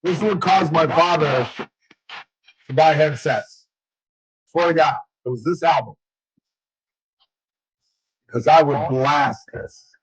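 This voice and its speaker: A man's voice: on the high side, slow, pauses often, breathy edge, poor audio. A man in his sixties hosting talk radio from a studio, telling rambling stories in casual chat. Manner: rambling storyteller. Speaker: radio host. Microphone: studio mic.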